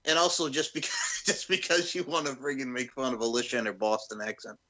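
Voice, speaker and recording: A man with a bright, forceful tone co-hosts a casual chat show. He talks in loud, excitable rants and swears freely. His pitch sits in the middle for a man. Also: a little fast. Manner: loud, excitable and profane, ranting. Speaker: podcast co-host.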